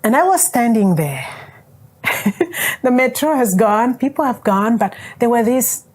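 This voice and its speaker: A woman from Congo, telling a personal story in an animated way and acting out the dialogue. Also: fairly high pitch, a little slow, breathy edge. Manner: animated, acts out quoted dialogue, laughs often. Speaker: guest sharing a testimony.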